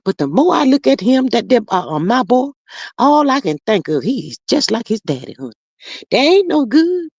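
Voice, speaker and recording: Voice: mid-range voice, big pitch swings, moderate pace, darkish tone, husky, no echo, dull audio. A livestream host putting on the voice of an older mother who dotes on her grown son, drawling and calling him "my boy" and "honey". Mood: weary.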